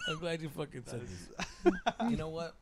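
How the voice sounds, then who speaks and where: A man's voice: on the high side, huge pitch swings, moderate pace, vocal fry, a crowd in the background. A young man co-hosting a podcast, telling rambling, profane stories in casual chat and dropping Spanish slang as he acts out other people's lines. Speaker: podcast co-host.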